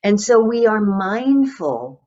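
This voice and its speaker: A woman meditation teacher giving a Buddhist dharma talk in a gentle, reflective way, with frequent fillers and restarts. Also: medium pitch, big pitch swings, slow, muffled recording.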